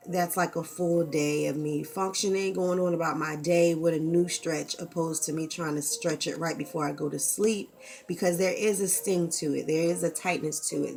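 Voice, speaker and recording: A woman's voice: on the low side, creaky, a little mellow. A woman, talking candidly and expressively in a casual vlog and swearing freely, into a camera mic. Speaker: vlogger.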